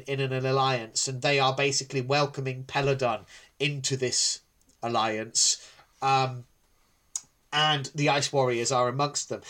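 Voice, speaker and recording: Male co-host, casual podcast chat, halting with many ums, middle pitch. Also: a bit bright.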